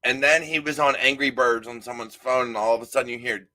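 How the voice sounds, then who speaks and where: A man's voice: mid-range voice, little pitch movement, a little fast, hardly any pauses, bright, forceful tone. A man hosting a podcast, chatting casually and telling stories with quoted voices, swearing now and then. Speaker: podcast host. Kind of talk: casual conversation.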